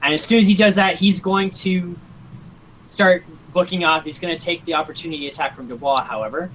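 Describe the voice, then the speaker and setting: A man's voice: fairly high pitch, a little fast, a bit bright, slight background noise, poor audio. A young man narrating a tabletop game as game master on a voice call, rambling with lots of ums and likes.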